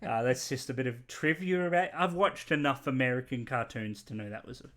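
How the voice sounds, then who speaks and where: A man's voice: mid-range voice, brisk, a bit bright. A man chatting casually on a livestream, rambling, joking and correcting himself as he goes. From Australia. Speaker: stream co-host.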